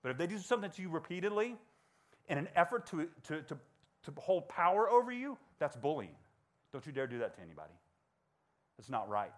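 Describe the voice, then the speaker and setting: A man in his forties telling personal stories to a young audience in a casual, animated way. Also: brisk, long pauses. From Georgia. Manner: animated, acts out dialogue in high voices. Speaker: motivational speaker. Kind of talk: storytelling talk to students.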